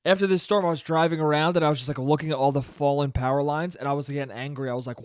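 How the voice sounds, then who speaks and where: A man's voice: a little high, rapid-fire, few pauses, clean tone, no echo, studio quality. A young man hosting a solo podcast, ranting in a profane, self-mocking way and mimicking whiny complaints. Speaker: podcast host. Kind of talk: solo comedic rant.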